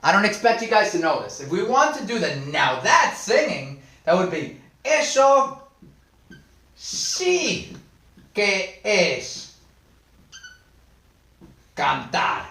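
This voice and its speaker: A man teaching a live online Spanish class, playful and animated, reading and answering viewers' comments. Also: high-pitched, normal speed, hardly any pauses, reverberant.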